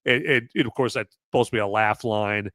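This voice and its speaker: A man hosting a podcast, giving a casual, rambling movie review with animated asides. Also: on the low side, a little fast, no echo, clean studio sound. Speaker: podcast host.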